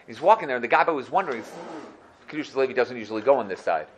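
A man teaching a religious class, telling a story in a conversational, animated way and often checking in with the listeners. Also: mid-range voice, rapid-fire, a little hiss or hum.

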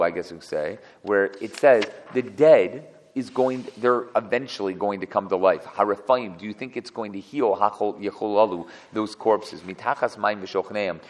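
A man teaching a text study class, reading verses and translating and explaining each one. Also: fairly low pitch. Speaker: Torah teacher. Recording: long hall reverb.

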